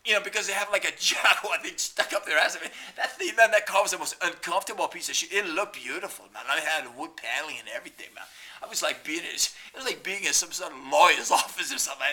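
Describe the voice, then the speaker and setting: A man rants in a loose comic monologue, mocking and profane. His voice sits slightly high and rings very bright. He circles back on himself with constant "you know" and "man.". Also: lively intonation, fast talker. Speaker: comedic ranter.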